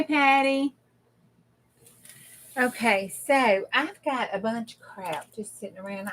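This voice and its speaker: A woman's voice: mid-range voice, a bit bright. A middle-aged woman, hosting a casual crafting livestream. She rambles in a folksy way and greets viewers by name as she works. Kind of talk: casual chat while crafting.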